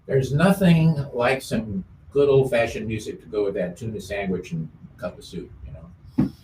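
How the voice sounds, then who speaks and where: A man hosting a music show in casual chat, easygoing, with many filler pauses. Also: fairly low pitch, darkish tone, slight background noise. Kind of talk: casual chat about old songs. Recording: roomy sound from a distant mic.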